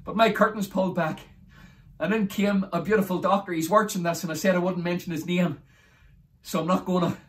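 A man with a Northern Irish accent from Derry, preaching in a fervent testimony style that keeps rising into exclamations. He is emotional and near tears, and his voice sits high. The mic is set some way off, so he sounds distant. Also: fairly even intonation, a little fast. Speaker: evangelist.

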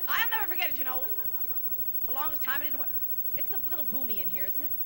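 On a large concert hall stage, a singer and comedian in her forties tells bawdy jokes in a brassy, teasing stand-up set. Her voice is high and expressive and she talks fast over a noisy background.

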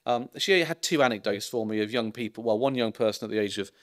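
Chatty low-voiced middle-aged doctor lecturing. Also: male voice, fast talker. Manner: chatty and anecdotal, with ironic asides and frequent ums. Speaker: consultant geriatrician giving a public lecture. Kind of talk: informal public lecture.

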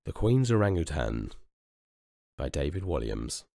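Deep gravelly man reading a storybook. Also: unhurried, no echo, studio quality, soft background music. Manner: expressive storytelling delivery. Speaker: storybook reader and host. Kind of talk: reading a children's story aloud.

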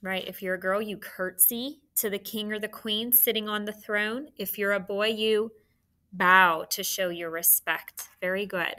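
Slow, bright woman drilling homophones. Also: medium pitch, steady tone. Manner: encouraging, drilling words step by step. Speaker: teacher. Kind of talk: recorded phonics lesson for children.

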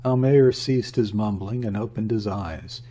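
This is scripted narration of a classic novel by a male audiobook narrator. He reads in a steady, measured way, his voice sitting fairly low.

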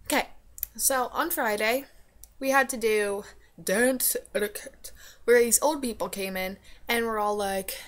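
A woman's voice: on the high side, unhurried. A teenage girl vlogging to her viewers in a mock-dramatic, sarcastic, teasing way. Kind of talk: casual vlog to viewers.

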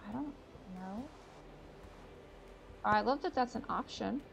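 Chatty woman with gravelly fry. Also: fairly high pitch, measured pace, slight background noise. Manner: chatty, self-mocking, thinks aloud while playing. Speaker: gaming channel host. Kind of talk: casual gameplay commentary. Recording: game music behind voice.

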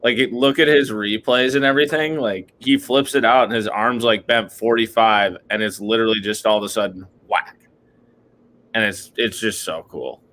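Bright-voiced man in casual fishing chat. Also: on the low side, normal speed. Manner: rambling, heavy on "like" and "dude". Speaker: podcast co-host.

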